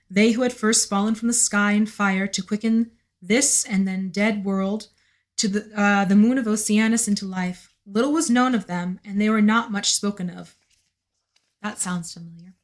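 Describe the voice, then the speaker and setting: Reading a novel on a live stream, this woman moves at an unhurried pace and drops in casual, chatty remarks. Her mid-range voice has a slight hoarseness.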